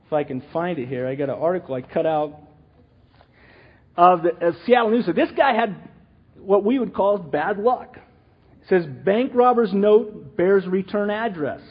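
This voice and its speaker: A middle-aged man giving a rambling, animated church teaching, full of restarts and asides. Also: high voice, moderate pace, pauses often, breathy edge, muffled recording. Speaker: lay teacher.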